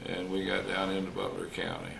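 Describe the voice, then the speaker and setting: A man's voice: sits low, completely flat delivery, brisk, vocal fry, a bit bright. Older man, retired wildlife officer, storytelling interview, roomy recording with faint hiss. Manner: folksy, anecdotal, acts out quoted dialogue.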